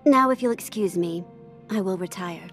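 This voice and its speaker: Gracious young senator lady, soft and formal, game music going behind her, woman acting it. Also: medium pitch, moderate pace, natural voice. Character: poised young female senator, earnest and formal. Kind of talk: video game cutscene acting.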